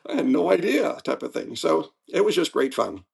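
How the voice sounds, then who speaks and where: Guest, man in his seventies: slightly high, raspy-fry voice, animated anecdotes. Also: moderate pace. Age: 70s. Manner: lively storyteller, acts out race moments. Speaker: guest athlete. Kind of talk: casual interview chat.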